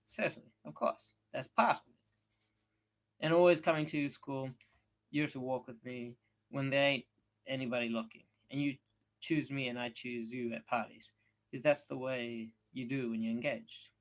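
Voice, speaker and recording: A man's voice: medium pitch, steady tone, normal speed, natural voice. A man voicing an eager, coaxing young boy in a storybook reading.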